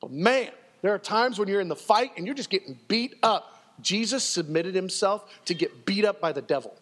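A male pastor preaching in an emphatic, conversational style and repeating phrases for effect. His voice is fairly high and swings widely in pitch. The sound carries a long reverb from a church hall. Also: lively intonation, moderate pace, fairly bright tone. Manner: emphatic and conversational, with frequent repetition. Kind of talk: sermon.

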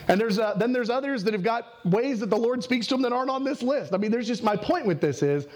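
A man's voice: high-pitched, a little mellow. A man preaching a casual, earnest sermon, talking with plenty of fillers. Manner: conversational and earnest, with many fillers. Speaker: pastor.

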